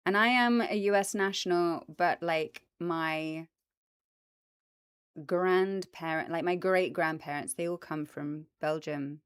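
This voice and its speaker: A voice actress hosts a casual plant livestream from a desk microphone in front of her, chatty and enthusiastic with viewers, full of ums and asides to chat. Her accent is British and American. She speaks slowly in a fairly low, clean voice with no echo.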